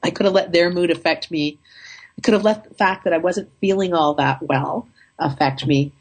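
A woman casually telling a travel story in an upbeat, chatty way, her throat a little rough. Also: lowish voice, moderate pace.

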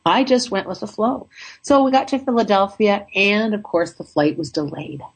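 A woman casually telling a travel story in an upbeat, chatty way, her throat a little rough. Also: medium pitch, moderate pace.

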